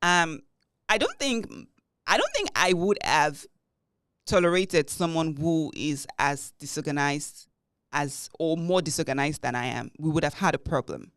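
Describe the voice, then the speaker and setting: A woman co-hosting a podcast in casual chat, animated and telling stories with heavy emphasis. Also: sits low, unhurried, no echo. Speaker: podcast co-host.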